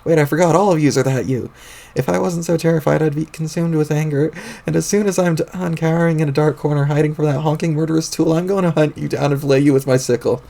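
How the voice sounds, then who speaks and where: A man voicing an angry, panicky young male troll who rants loudly and frantically and swears a lot, while reading a webcomic aloud on stream. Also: on the high side, fairly even intonation, fast talker, vocal fry. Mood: furious. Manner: loud, ranting, frantic.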